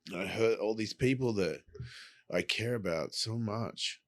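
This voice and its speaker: A man's voice: on the low side, measured pace. A middle-aged Australian man, a guest talking in a subdued, confessional, candid way with some swearing. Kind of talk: candid conversational talk.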